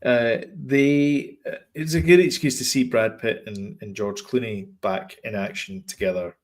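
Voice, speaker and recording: A man's voice: medium pitch, steady tone, unhurried. A man co-hosting a podcast, chatting casually and meandering through stories about films and TV. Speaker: podcast co-host.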